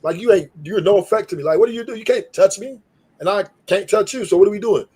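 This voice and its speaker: Husky, high-voiced man arguing heatedly. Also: fast, warm tone. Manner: profane, combative, repeats himself. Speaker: live-stream panelist. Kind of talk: heated live-stream argument.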